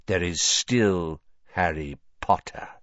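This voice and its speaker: A man reading as a cold, high-pitched dark lord from a storybook, slow and menacing. Each word comes out measured and icy. The recording is dull and dry. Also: no room sound.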